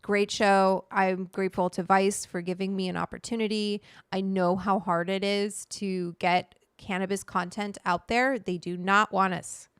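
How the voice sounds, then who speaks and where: A woman's voice: medium pitch, steady tone, a little slow, few pauses, clean tone, dry recording. A middle-aged woman hosting a casual livestream from home, chatting and reading viewer comments in a rambling, loose way with casual swearing. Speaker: livestream host, cannabis cook. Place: home room. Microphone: studio mic at desk.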